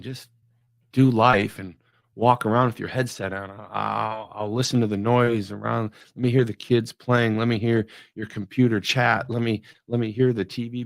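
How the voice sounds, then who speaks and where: A middle-aged man hosting a devotional talk, musing in a conversational way that often trails off quietly. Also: medium pitch, no echo. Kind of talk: reflective spoken devotional.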